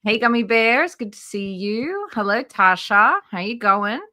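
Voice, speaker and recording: A woman hosts a relaxed livestream with a bright, forward tone. She chats easily, greets viewers one by one and laughs often. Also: fairly high pitch, unhurried. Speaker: livestream host. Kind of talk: casual livestream commentary.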